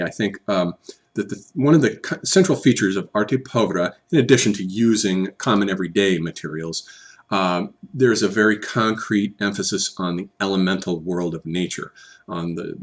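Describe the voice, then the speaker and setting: A man giving an art history lecture, explaining slowly and often restarting his phrases as he goes. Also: sits low. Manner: measured, restarts and repeats phrases while explaining.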